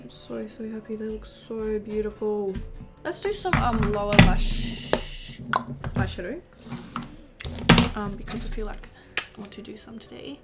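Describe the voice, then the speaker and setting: A woman's voice: medium pitch, steady tone, unhurried, long pauses, loud music behind the voice. A 19-year-old woman, a beauty vlogger, chatting casually while doing her makeup, gushing and rambling with lots of fillers.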